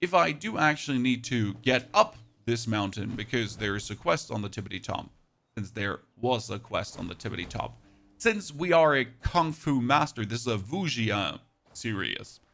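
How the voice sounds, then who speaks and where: A man with a German accent narrates his gameplay with eager, rapid calls of each move. His voice carries a gravelly fry at a middle pitch. He is a gaming video host walking viewers through what he plays. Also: animated, fairly bright tone. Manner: enthusiastic, rapid play-by-play calls. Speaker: gaming youtuber. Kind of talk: gameplay commentary.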